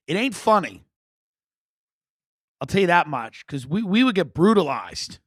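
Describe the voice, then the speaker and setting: A man hosting a podcast, telling comic stories in a rambling, wry, animated way. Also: sits high, unhurried, dry recording, clean studio sound. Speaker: podcast host. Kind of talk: comic storytelling monologue.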